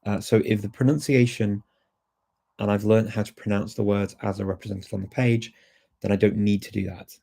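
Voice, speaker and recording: A man hosting a casual live question-and-answer session on language learning, relaxed and chatty with frequent ums and restarts. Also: fairly low pitch, moderate pace, creaky.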